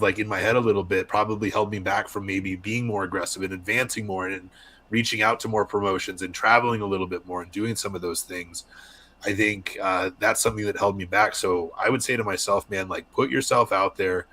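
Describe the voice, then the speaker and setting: Low, bright-voiced young man telling stories. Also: fairly quick. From Arizona. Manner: candid storyteller, animated voices in anecdotes. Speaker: wrestler guest. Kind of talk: casual podcast interview.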